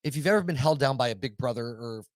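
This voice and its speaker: A man of middle pitch tells a story on a casual podcast, cursing freely and getting animated. The recording is close and dry, with no room sound. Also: quick pace, dry recording. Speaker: podcast co-host. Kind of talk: casual chat.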